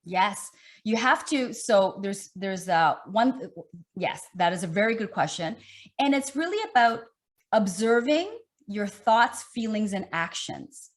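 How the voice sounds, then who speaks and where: Middle-aged woman coach, lively and emphatic, repeats herself a lot, mid pitch. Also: unhurried. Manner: animated, repetitive, emphatic coaching talk. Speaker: health and fitness coach. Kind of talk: online summit interview.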